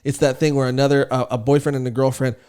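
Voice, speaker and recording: A man's voice: medium pitch, level tone, fast talker, dark tone, clear, resonant tone. A young man telling a comedic story on a podcast, rambling, swearing and laughing often, saying "dude" a lot. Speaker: podcast co-host. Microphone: studio podcast mic.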